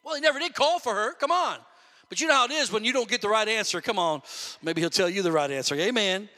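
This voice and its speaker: A man's voice: high-pitched, expressive, quick pace, pushed and bright, in a large hall. A man preaching a sermon to his congregation in a church, fervent and calling out to the listeners. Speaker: pastor. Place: church sanctuary.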